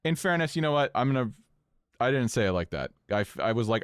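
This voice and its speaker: A man co-hosting a podcast, telling a story in casual chat, animated and swearing freely. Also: quick pace, no room sound, studio quality. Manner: animated, swings pitch up when incredulous, swears casually. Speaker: podcast co-host.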